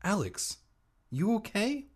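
A man's voice: high voice, big pitch swings, slow, breathy edge, pitched above the performer's own voice, exaggerated voice. A man voicing a middle-aged aunt who prods and nags, in a raised voice. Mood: prodding.

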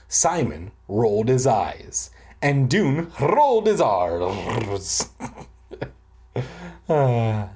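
A man's voice: mid-range voice, very animated, very slow. A young man giving a comedic reading of a children's book, breaking off for crude, irreverent asides. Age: young adult. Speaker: reader.

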